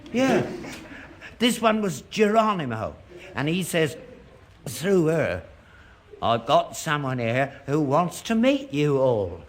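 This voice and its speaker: A man's voice: fairly high pitch, sing-song, slow pace, long pauses, slight background noise. An actor playing a gullible elderly father who talks earnestly about seances, in a broadcast sitcom. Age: older. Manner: earnest, credulous, indignant.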